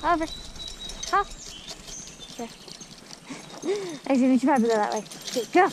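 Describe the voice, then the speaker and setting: A woman's voice: high-pitched, animated, moderate pace, a little hiss or hum. A woman riding behind her dog on a trail, calling out short commands and praise. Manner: calls out short commands like hike, wait and good girl. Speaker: dog owner on a sulky run. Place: outdoors on a trail.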